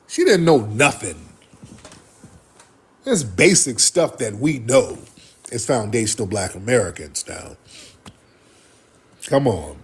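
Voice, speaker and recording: A man's voice: medium pitch, big pitch swings, unhurried, long pauses, slightly rough. A man hosting a live stream, talking emphatically and repeating his points for effect. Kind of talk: heated livestream commentary.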